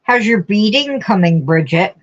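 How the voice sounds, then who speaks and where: A woman's voice: medium pitch, expressive, normal speed. A middle-aged woman hosting a casual craft livestream, chatting with viewers and reading out their comments in an emotional, affectionate way. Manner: warm, emotional, talks to viewers as honey. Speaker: livestream host. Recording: dull lo-fi stream audio.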